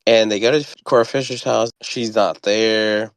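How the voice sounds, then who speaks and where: A young man with a somewhat low voice talks through a film in a loose, casual chat. He sounds blunt and profane and mocks what he describes. The mic is close, and the sound is dry with no room echo. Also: steady tone, measured pace. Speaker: podcast host reviewing a film.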